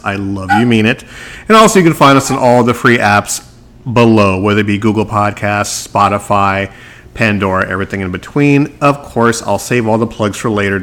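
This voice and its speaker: A man's voice: on the low side, a bit bright. Joking male podcast host. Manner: joking, playful, rambling. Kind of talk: casual podcast chat.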